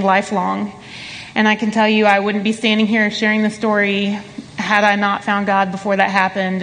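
A woman giving a personal testimony in church, earnest and halting, with many fillers. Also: mid-range voice, a bit bright. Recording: long reverb of a church hall.

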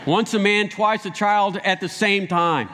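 A man's voice: sits high, a little slow, bright, forceful tone, a little hiss or hum. A man preaching a sermon as a pastor, telling the story animatedly and acting out voices in the quotes. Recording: long hall reverb.

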